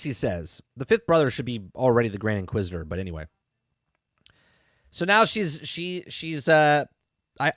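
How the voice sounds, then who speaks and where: A man's voice: mid-range voice, a bit bright, no room sound, clean studio sound. A man hosting a podcast, giving a rambling, exasperated spoken review that repeats its points and swears freely. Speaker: podcast host. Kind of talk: casual show review commentary.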